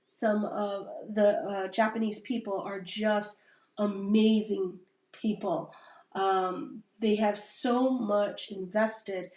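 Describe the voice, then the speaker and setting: A woman in casual, rambling conversation who keeps asking "right?" as she talks. Her voice sits at an ordinary middle pitch. She is heard from some way off the mic, in a room that echoes. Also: fairly even intonation, takes it slowly, a little mellow. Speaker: Navy veteran. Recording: roomy sound from a distant mic.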